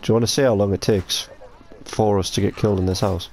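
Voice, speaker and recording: Young British gamer, low gravelly voice, sweary banter, rambling delivery. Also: male voice, steady tone, fast, darkish tone. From United Kingdom. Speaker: streamer playing with friends. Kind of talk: casual gaming chat.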